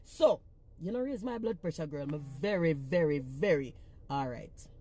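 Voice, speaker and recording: A woman's voice: low voice, lively intonation, moderate pace, mellow. A woman with a Jamaican accent ranting on a phone livestream, blunt and profane as she scolds her commenters. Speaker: social media personality.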